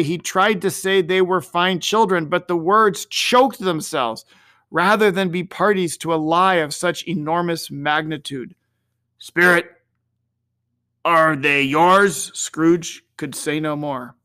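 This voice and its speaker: A man hosting a daily series, reading a classic story aloud in a gentle, measured way. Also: high voice, no room sound, clean studio sound. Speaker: storyteller host.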